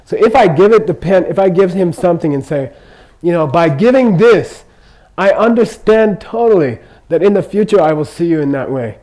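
Expressive and warm-toned, an older man with a voice a little high for a man talks at normal speed in an informal Buddhist teaching. He jokes, drifts into tangents and constantly asks the room "okay?", keeping it conversational, though the recording is low-quality.

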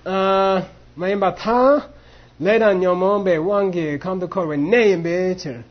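A man's voice: sits high, takes it slowly, muffled recording. A man teaching a class on monastic debate, acting out both sides and mixing in Tibetan phrases. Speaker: Buddhist philosophy teacher.

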